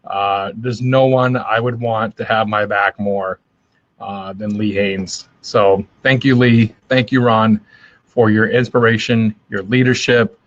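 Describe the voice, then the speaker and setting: A man's voice: on the low side, muffled recording. A man hosting his daily live stream, giving a casual motivational talk in a friendly, rambling way with many fillers and restarts. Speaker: host of a daily live video.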